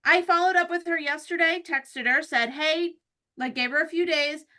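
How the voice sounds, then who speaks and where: A woman's voice: sits high, brisk, bright, forceful tone. A woman hosting a team call, giving an emphatic motivational talk and often asking "right?". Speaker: host leading a team call.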